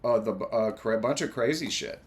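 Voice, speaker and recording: A man co-hosting a casual reaction chat, rambling loosely with lots of fillers and quick laughs. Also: lowish voice, animated. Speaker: co-host.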